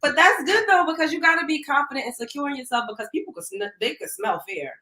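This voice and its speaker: A woman from Brooklyn hosting a casual celebrity gossip chat, animated and outspoken. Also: sits high, fast, echoey room. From Brooklyn, New York. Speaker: host.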